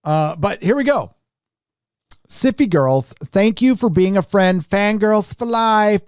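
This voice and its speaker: A man's voice: high voice, very animated, a little slow, a little mellow, dry recording. Middle aged guy hosting his show, sarcastic and mocking, voice bounces up and down a lot, dry close sound. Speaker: host. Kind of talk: casual commentary.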